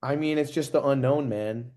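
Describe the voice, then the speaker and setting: A man playing a hesitant male sales prospect who casually raises low-key objections about risk. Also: moderate pace, dark tone, close to an everyday voice.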